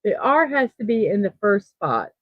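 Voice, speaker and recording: A woman's voice: medium pitch, very animated, moderate pace, dry recording. Woman, livestream host, casual chat, upbeat, lots of ums, tinny phone-like sound. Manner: chatty and upbeat, with frequent fillers. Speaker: host of a daily morning livestream show. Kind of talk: casual chat reading viewer comments.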